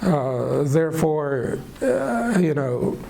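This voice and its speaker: Slow, gravelly male lecturer. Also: fairly high pitch, sing-song, dark tone, a little hiss or hum, rough recording. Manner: unhurried, thoughtful, with frequent fillers and restarts. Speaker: Islamic studies teacher. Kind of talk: lecture on spirituality.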